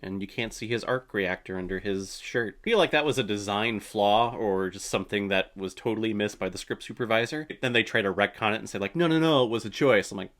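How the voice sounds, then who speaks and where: A man's voice: on the low side, fairly quick, hardly any pauses, a bit bright. A man hosting a casual movie reaction, chatty and opinionated, swearing now and then.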